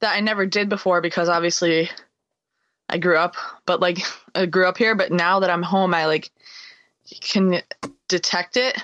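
A woman's voice: on the low side, fairly even intonation, normal speed, fairly bright tone, no room sound. Woman, mild Boston accent, podcast co-host, loose rambling delivery, muffled dry remote audio. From Boston area. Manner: rambling, filler-heavy storytelling. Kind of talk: casual chat.

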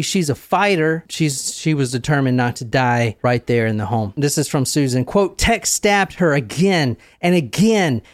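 A man's voice: fairly high pitch, no room sound, clean studio sound. A man hosting a true crime discussion, telling events vividly and acting out the quoted screams. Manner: animated, acts out screams and quotes. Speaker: host.

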